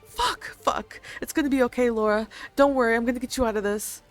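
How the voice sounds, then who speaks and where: A woman voicing an angry, defiant young woman who swears and shouts in frustration. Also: mid-range voice, fairly quick, faint music behind, lightly acted. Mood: frantic.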